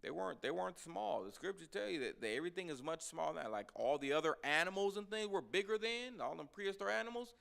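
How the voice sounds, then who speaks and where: A man's voice: sits high, expressive, fast talker, gravelly, hardly any pauses, fairly bright tone. A man teaching an informal Bible class, conversational and emphatic, addressing the class directly.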